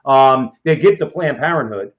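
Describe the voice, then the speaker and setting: On a political talk show, a male co-host speaks with force and keeps adding "okay?" to drive points home. His medium-pitched delivery is animated at a moderate pace, captured in slightly dull lo-fi audio.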